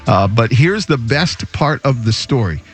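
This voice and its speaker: A male radio host sharing an uplifting story with real enthusiasm. His voice sits at an ordinary mid pitch, and his delivery is admiring and openly moved. It has the easy flow of a friendly on-air feature. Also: expressive, a little slow, slightly rough, soft background music.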